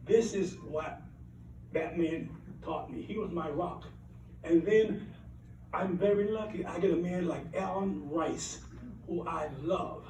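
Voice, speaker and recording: High-voiced older man speechmaking in a hall. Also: slow pace, long pauses, a little mellow, a little hiss or hum. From Alabama, USA. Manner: rambling, anecdotal, earnest, repeats phrases for emphasis. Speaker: award recipient giving acceptance speech. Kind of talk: heartfelt acceptance speech. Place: banquet hall at an awards event. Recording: roomy hall, mic at a distance.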